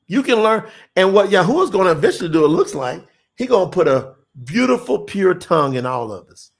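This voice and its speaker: Preacher guy on a livestream, highish voice that swings all over, folksy and repeats himself a lot. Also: very animated, a little fast, gravelly. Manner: emphatic, repetitive, folksy preaching. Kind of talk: livestream sermon to online viewers.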